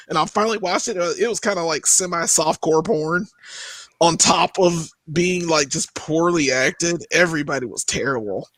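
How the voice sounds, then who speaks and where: Young guy on a movie podcast, high voice swooping all over, dry close sound. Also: moderate pace, no echo. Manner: animated, jumps into high exclaiming tones. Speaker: podcast co-host. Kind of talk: casual chat.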